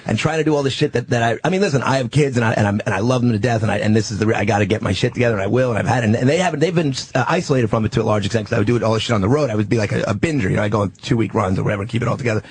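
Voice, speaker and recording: A man doing an impression of a rambling middle-aged comedian confessing his relapses on a radio comedy show, with halting, profane talk. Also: mid-range voice, slight background noise, natural voice. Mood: confessional. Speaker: guest in a mock intervention.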